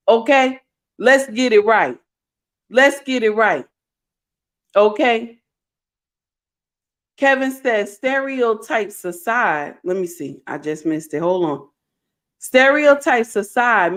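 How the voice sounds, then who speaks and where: A middle-aged woman hosting a live stream, reading viewer comments aloud with animated, playful scolding. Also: medium pitch. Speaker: host.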